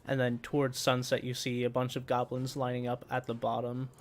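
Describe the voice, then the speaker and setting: A man's voice: medium pitch, monotone, slight background noise. A man narrating as game master of a tabletop game, filling his speech with hesitations. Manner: halting, full of fillers.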